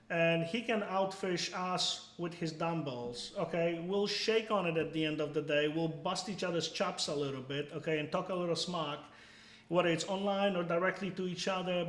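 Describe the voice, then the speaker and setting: A man's voice: high voice, normal speed, fairly bright tone. Blunt emphatic man in an echoey room. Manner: blunt, emphatic, peppers talk with "okay?" and swearing. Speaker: bait seller hosting a live stream. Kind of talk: casual live-stream chat answering viewers.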